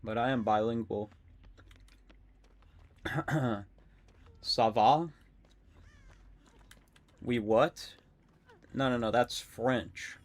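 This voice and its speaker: A young adult man streaming a game, rambling and excitable, swearing often and talking to his chat. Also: mid-range voice, drawn-out words, pauses often. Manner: talks to chat. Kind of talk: casual live-stream commentary while gaming.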